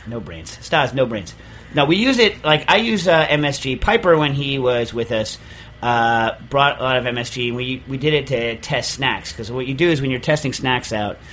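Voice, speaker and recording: A man's voice: mid-range voice, moderate pace, a bit bright, a little hiss or hum. A man hosting a podcast in casual chat, ranting in an exasperated way and restarting his sentences often. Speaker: podcast host.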